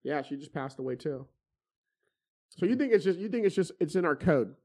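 A middle-aged man tells stories in casual chat, swearing freely and staying animated while he stammers through restarts with repeated words. His voice is a little high and fairly quick.

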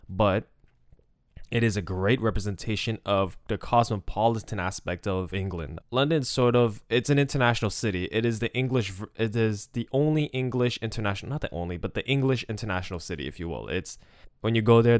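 Young guy rambling on his podcast, lowish smooth voice, dry close mic. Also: no echo. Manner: chatty and rambling, with frequent restarts and laughs. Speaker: podcast host. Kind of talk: casual solo podcast monologue.

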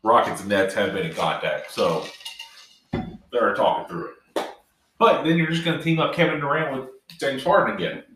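A man's voice: mid-range voice, normal speed, fairly bright tone, reverberant, far from the mic, rough recording. A man co-hosting a casual sports chat in a laid-back, conversational way.

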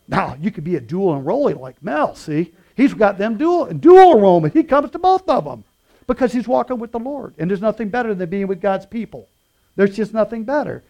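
A middle-aged man preaching in a relaxed, storytelling way, his voice sitting notably high for a man. He jumps from punchy, raised emphasis to soft, almost muttered asides. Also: normal speed, creaky. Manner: casual storytelling with lively swings between loud and quiet. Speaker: pastor. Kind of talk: sermon.

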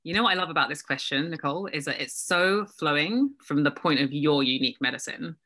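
A woman with a bright, forward voice talks as a guest in a relaxed interview. She is reflective and self-deprecating and often breaks into laughter as she shares her thoughts. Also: low-pitched, fairly quick. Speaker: guest, business coach. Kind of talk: casual conversational interview.

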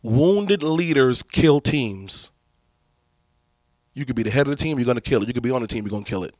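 A man's voice: mid-range voice, lively intonation, fairly quick, no room sound, clean studio sound. A man, a pastor, teaching church leaders in a preaching style, emphatic and repetitive with many restarts.

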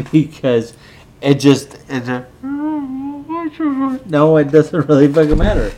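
A drunk man hosts a podcast, rambling, swearing, and bickering with his co-host in a casual drunken rant. His mid-range voice has a dark tone, moves slowly, and pauses often over slight background noise.

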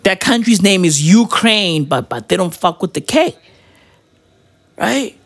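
A man's voice: high-pitched, lively intonation, a little slow, gravelly, a bit bright. A man ranting about his football club in a casual, slangy style, swearing and tagging his lines with "right?" and "bruv". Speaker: football fan vlogger.

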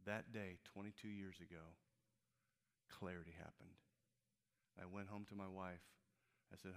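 A male pastor from Peoria, Illinois, preaching a sermon in an animated storytelling way, with frequent halting restarts. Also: low-pitched, vocal fry, clear, resonant tone. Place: church.

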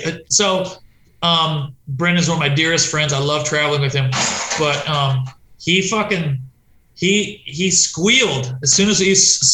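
A man tells road stories in a loose, rambling way, swearing freely and slipping into voices for the people he quotes. His voice sits a little high and sounds bright and forceful. The sound is roomy, with a clear echo. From United States. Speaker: touring punk musician guest. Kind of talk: casual storytelling chat.

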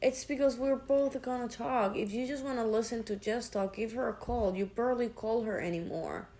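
A woman's voice: fairly high pitch, moderate pace, dark tone. A woman with a Hispanic accent and a sore throat, co-hosting a casual podcast with her girlfriend, talkative and teasing. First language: Spanish. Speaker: podcast co-host. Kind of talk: casual chat.

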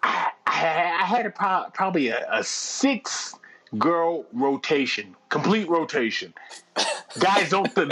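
A middle-aged man telling a long anecdote in casual chat, profane and animated, laughing as he goes. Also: fairly high pitch, slow, slight background noise.

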